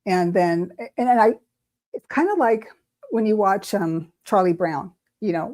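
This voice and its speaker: A woman's voice: medium pitch, moderate pace, darkish tone. A woman, a tarot reader, telling a personal story in casual chat, emotional and rambling with many restarts. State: tearful at the start. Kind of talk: casual storytelling on a talk stream.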